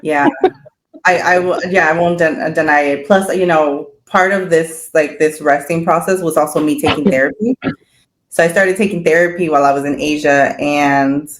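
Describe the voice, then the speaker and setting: A woman's voice: sits low, fairly even intonation, moderate pace. A woman speaking as a podcast guest in casual chat, candid, swearing freely and laughing often.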